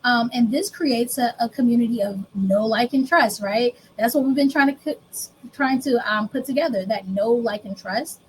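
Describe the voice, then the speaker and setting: This is a woman presenting a business workshop, her voice sitting slightly higher than most. She keeps it conversational and animated. She often drops into playful acted-out exchanges with her clients. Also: normal speed, hardly any pauses, slight background noise, low-quality recording. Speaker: business coach and speaker.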